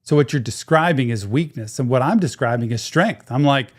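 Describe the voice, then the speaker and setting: With a mid-range voice and a quick pace, a man who works as a therapist offers relaxed, excited, introspective thoughts on a song. He talks over the music, which can be heard playing behind him.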